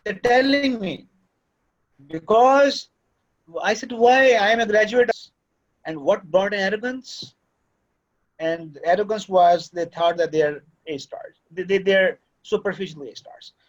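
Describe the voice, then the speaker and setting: The course director lectures in a classroom with a paternal air, now and then slipping into Urdu. His voice is high and unhurried, and the recording's highs are cut off.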